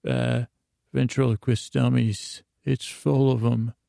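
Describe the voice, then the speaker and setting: A man's voice: mid-range voice, level tone, slow pace, creaky, mellow, no room sound, clean studio sound. A man voicing a chatty, joking male ventriloquist dummy with only a top half, in a rambling, easygoing way.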